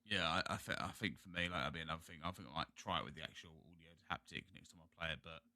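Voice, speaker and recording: A man's voice: deep voice, very fast, sharp tone, dry recording. A British man hosting a gaming podcast, chatting casually in a rambling, jokey way. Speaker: podcast host. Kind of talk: casual chat.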